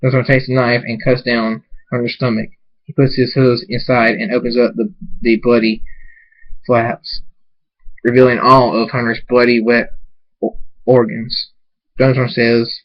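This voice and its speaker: A man reading his own fan fiction aloud in a halting way, often stumbling and restarting, on a dull lo-fi mic. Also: medium pitch, flat delivery. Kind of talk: amateur story reading.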